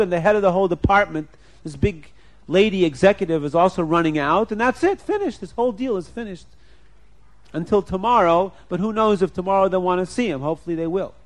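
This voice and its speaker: A man's voice: high-pitched, close to an everyday voice. A man voicing an anxious businessman who stammers and pleads, fretful and hopeful. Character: anxious male businessman, hopeful then let down.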